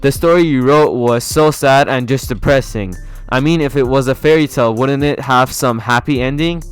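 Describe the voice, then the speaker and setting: A gruff male fox spirit living in a boy's mind, blunt and teasing, as a man reads him aloud. The voice is mid-pitched and smooth, with an exasperated edge to every remark. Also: normal speed, soft background music, lightly acted. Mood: grumbling.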